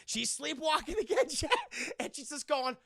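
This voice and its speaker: Gravelly bright-voiced male streamer. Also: very high-pitched, normal speed, dry recording, clean studio sound. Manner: animated, swears freely, acts out scenes. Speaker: livestream film reviewer. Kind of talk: casual profane film recap to live chat.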